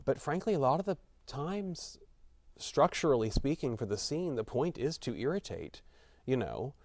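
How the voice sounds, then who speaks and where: A man's voice: mid-range voice, very animated, moderate pace, dry recording, studio quality. Frank, chatty man with a slight Texan accent. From Texas. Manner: frank, chatty, thinks aloud with fillers and restarts. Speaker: actor being interviewed. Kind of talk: casual interview answers.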